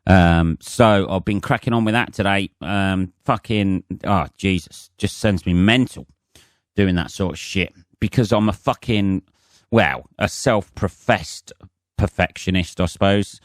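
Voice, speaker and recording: A man's voice: deep voice, no room sound, studio quality. A man hosting his own podcast, rambling casually, swearing freely and self-mocking, with frequent ums. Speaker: podcast host. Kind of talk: solo casual monologue.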